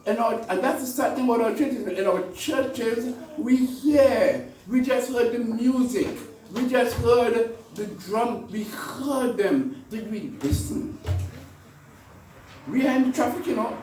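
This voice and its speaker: A man's voice: very high-pitched, lively intonation, normal speed, a little mellow, a little hiss or hum. A man, preaching a conversational sermon full of repetitions and rhetorical questions. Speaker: priest. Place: church. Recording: echoey church from far off.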